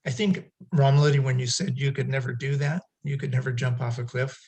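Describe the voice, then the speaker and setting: Gravelly, husky man on a video call. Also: medium pitch, steady tone, a little fast, darkish tone. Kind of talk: casual chat.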